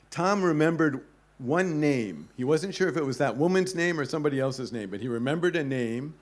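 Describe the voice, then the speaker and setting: A man giving a talk to an audience, telling a travel story with lively pacing and acting out the voices of people in it. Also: a little high, unhurried, long pauses. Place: club event hall.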